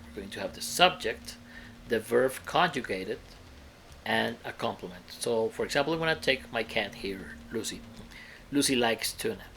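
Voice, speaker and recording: A man's voice: medium pitch, fairly bright tone, a little hiss or hum. A man teaching an English grammar lesson, explaining step by step and often checking in with the viewer.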